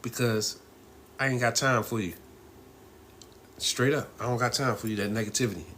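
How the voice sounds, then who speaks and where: A man's voice: mid-range voice, steady tone, normal speed, fairly bright tone, a little hiss or hum. A middle-aged man hosting a casual live stream, talking in a loose, rambling way, laughing often and asking "you know what I mean?".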